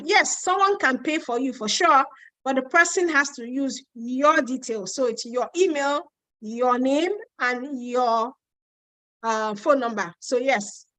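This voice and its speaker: Nigerian lady doing a live q&a, high bright voice, dry close sound, chatty and teasing. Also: no room sound, rough recording. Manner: chatty, reads out questions, frank and teasing. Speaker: host answering viewer questions on a live stream. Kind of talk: casual live Q&A.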